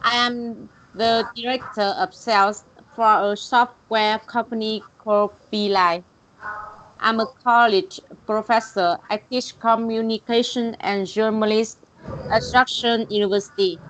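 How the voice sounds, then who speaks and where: A woman's voice: fairly high pitch, steady tone, measured pace, fairly bright tone, slight background noise, low-quality recording. Hesitant woman learner repeating words. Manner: careful, hesitant repetition. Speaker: English learner.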